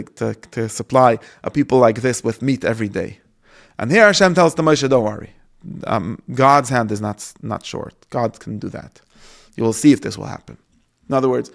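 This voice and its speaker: A man giving a casual Torah lesson, paraphrasing the verses and acting out the quoted speakers in a lively way. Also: creaky. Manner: lively, acts out the quoted speakers with rising pitch. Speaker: Torah teacher.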